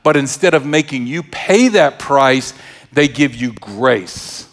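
A man's voice: medium pitch, expressive, slow pace. A man preaching a sermon as pastor, conversational and joking as he tells stories.

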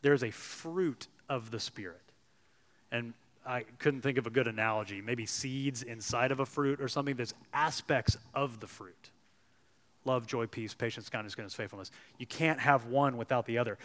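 A man's voice: mid-range voice, normal speed, a bit bright, no room sound. A man preaching a sermon as a pastor, earnest and storytelling. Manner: earnest, storytelling delivery with some restarts.

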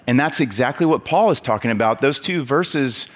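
A man's voice: mid-range voice, lively intonation, moderate pace. A man giving a casual, conversational sermon, with many fillers and restarts.

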